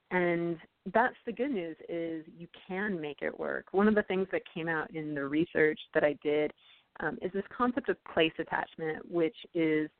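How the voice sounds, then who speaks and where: A woman's voice: fairly low pitch, dry recording. Thoughtful woman author on a phone line. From California, US. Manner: thoughtful, with frequent ums and you-knows. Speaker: author and interview guest. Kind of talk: casual interview talk. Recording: tinny, dry phone-line audio.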